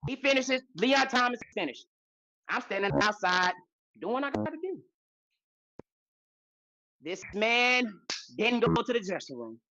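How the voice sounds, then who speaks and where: A woman co-hosting a podcast, telling a story in a loose, animated way, repeating lines for emphasis and swearing freely. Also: fairly high pitch, a little slow, long pauses, lo-fi sound, slight background noise. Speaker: podcast co-host. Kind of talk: casual storytelling chat.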